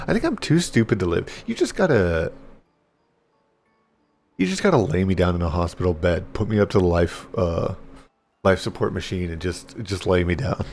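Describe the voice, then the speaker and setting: A man's voice: low-pitched, creaky, darkish tone, slight background noise. A young man streaming a game, rambling and self-mocking with casual commentary. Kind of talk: casual live gameplay commentary.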